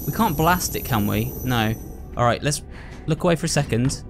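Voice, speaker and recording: A man's voice: medium pitch, expressive, normal speed, music in the background. A man commentating on a horror game, frightened and jumpy, talking to his viewers. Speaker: gamer.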